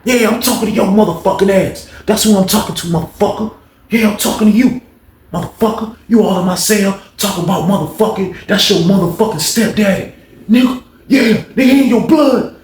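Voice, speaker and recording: A man voicing an older male inmate who is paranoid and keeps cussing, shouting and repeating himself. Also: sits high, expressive, normal speed, creaky, recorded from a distance, voice pushed up, heavily acted. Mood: ranting. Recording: roomy echo.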